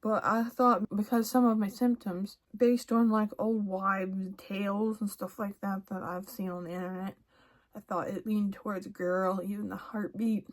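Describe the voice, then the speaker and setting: A woman's voice: mid-range voice, flat delivery, normal speed. Young woman chatting as she gets ready. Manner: rambling, with many restarts and soft laughs. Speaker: vlogger. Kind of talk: casual get-ready-with-me chat.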